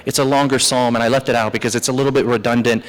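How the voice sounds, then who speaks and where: A male pastor preaching a sermon, lively and animated, who acts out the psalmist's complaints as he goes. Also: medium pitch, rapid-fire. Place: church sanctuary. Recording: church hall reverb.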